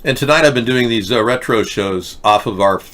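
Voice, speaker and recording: Guy hosting a livestream, bright sharp voice, rambly and jokey, conspiracy talk. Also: medium pitch, moderate pace. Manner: joking, conspiratorial, slips into mock robot announcements. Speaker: show host.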